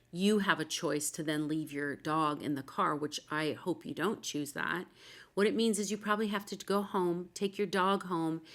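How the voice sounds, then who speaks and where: A woman's voice: on the low side, a bit bright. A woman hosting a talk show about dogs, chatting casually and telling anecdotes with quoted dialogue. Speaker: podcast host, dog expert.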